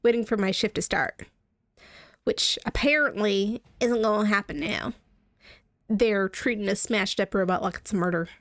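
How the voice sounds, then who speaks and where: A woman's voice: medium pitch, normal speed, fairly bright tone, dry recording, studio quality, natural voice. A woman voicing a hostile, distrustful middle-aged working man with a half-hearted put-on accent.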